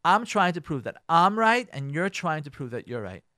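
A man's voice: a little high, moderate pace, dry recording, clean studio sound. A man speaking as a rabbi in a radio talk on marriage, acting out both sides of family quarrels and using Hebrew and Yiddish words. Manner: animated, acts out both sides of arguments.

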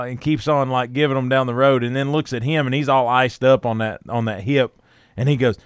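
A man co-hosting a sports talk show, retelling a story in a lively way with laughs and acted-out quotes. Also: medium pitch, clean tone, no room sound, studio quality. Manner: animated retelling, laughing, with quick quoted voices. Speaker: sports radio co-host.

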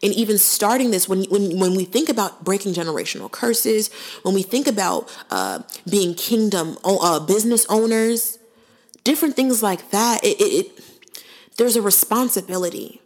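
A woman's voice: medium pitch, animated, normal speed, a little mellow. A woman in her twenties hosting a faith podcast, talking in an earnest, conversational way with preacherly asides. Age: 20s. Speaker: podcast host. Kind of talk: faith-based podcast monologue.

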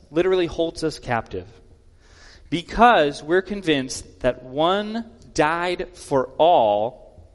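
A man's voice: high voice, fairly bright tone. A male pastor giving a sermon in a plainspoken, conversational way with casual asides. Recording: long hall reverb.

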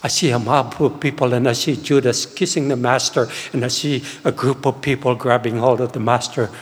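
An older man giving a sermon testimony, telling his story in an animated way and acting out his own past words. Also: mid-range voice, fairly quick. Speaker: preacher. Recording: long reverb of a hall.

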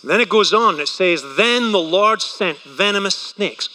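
A man preaching a sermon in a church, animated and joking, firing rhetorical questions at the congregation. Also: sits high, a little slow, in a large hall, rough recording. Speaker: pastor.

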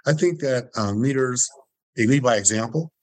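A man's voice: medium pitch, moderate pace, darkish tone, dry recording, low-quality recording. A man in his sixties from Detroit, telling stories as an interview guest in an emphatic way, repeating phrases for effect. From Detroit, Michigan. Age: 60s. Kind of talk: reflective storytelling.

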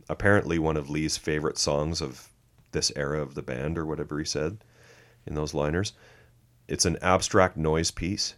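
A man co-hosting a music podcast, walking through a record track by track in casual chat, dry and sarcastic with frequent laughs. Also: a bass voice. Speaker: podcast co-host.

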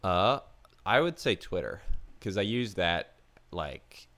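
A man's voice: low voice, expressive, slow pace, a bit bright. A man co-hosting a podcast in casual chat, rambling with lots of fillers. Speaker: podcast co-host.

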